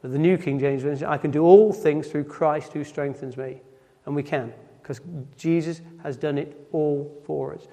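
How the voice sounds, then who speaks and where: A man's voice: a little high, mellow. A man giving an earnest sermon, repeating key phrases and often checking in with "right?". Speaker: lay preacher. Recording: long reverb of a church hall.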